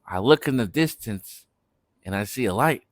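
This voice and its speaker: A man's voice: lowish voice, lively intonation, normal speed, dry recording, clean studio sound. A young man telling a party story in a laid-back, slangy way. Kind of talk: casual storytime vlog.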